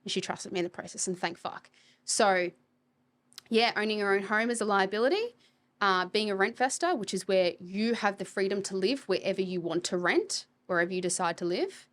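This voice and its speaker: A woman's voice: medium pitch, expressive, brisk. A woman, a property coach, talking bluntly and with energy in a podcast interview, swearing casually. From Australia.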